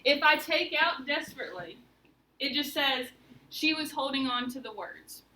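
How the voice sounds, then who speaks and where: A woman's voice: sits high, expressive, normal speed, sharp tone. A woman teacher leading a class lesson, asking questions and guiding her students step by step. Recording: roomy, mic at a distance, faint room noise.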